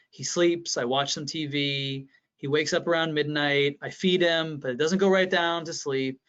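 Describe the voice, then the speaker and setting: A man with a slightly higher voice speaks candidly in a presentation, as a pediatrician sharing his own experience. He is earnest and halting and often restarts his sentences. The audio is dull and lo-fi. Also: a bit bright. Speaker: pediatrician presenting to health professionals. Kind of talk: candid first-person storytelling in a presentation.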